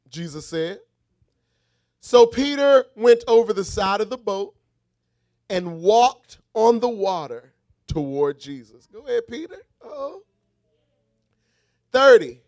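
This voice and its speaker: High-voiced man preaching a sermon. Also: big pitch swings, slow, pauses often, no echo, clean studio sound. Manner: rhythmic call-and-response preaching, swings from shouted refrains to quiet asides.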